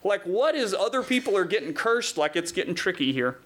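A man preaching a sermon in a conversational, animated way, acting out quotes with sudden jumps in pitch. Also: brisk. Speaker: pastor.

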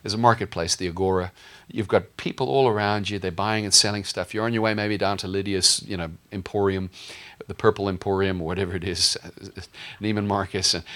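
A man's voice: lowish voice, a bit bright. A male pastor preaching a sermon in a conversational, humorous way, often asking the congregation questions.

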